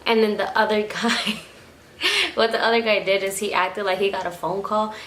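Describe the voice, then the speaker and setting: A young woman vlogger telling a story at home in a casual, animated way, full of swearing and quick bursts of speech. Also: medium pitch, slight background noise. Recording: echoey room.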